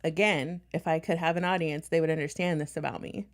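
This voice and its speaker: A woman's voice: low voice, steady tone, a little fast. A woman talking on a casual livestream in a blunt, defiant way, swearing often.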